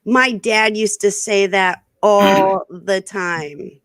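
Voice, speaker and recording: A woman's voice: medium pitch, steady tone, extremely slow, no echo, studio quality. A woman guest in a casual livestream chat, telling stories and laughing easily. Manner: laughing, storytelling.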